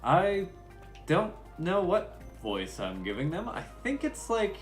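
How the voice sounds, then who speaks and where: A man's voice: sits high, wildly swooping pitch, a little slow, faint music behind. A male voice actor streamer chatting casually while playing a game, laughing at himself.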